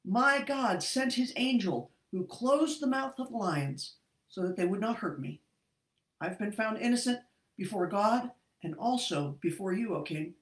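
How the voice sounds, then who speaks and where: Faithful male prophet, calm and earnest, voiced by a woman teacher. Echoey room. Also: mid-range voice, measured pace, lightly acted.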